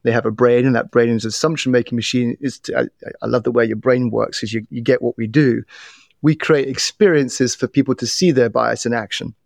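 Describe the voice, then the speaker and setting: A middle-aged man, a guest on a podcast, explaining how people's biases work in an animated way, telling stories and often restarting his sentences. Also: mid-range voice, a little fast, creaky, no room sound, studio quality. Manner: animated storyteller with repeated restarts. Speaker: podcast guest, bias trainer. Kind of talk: casual interview talk.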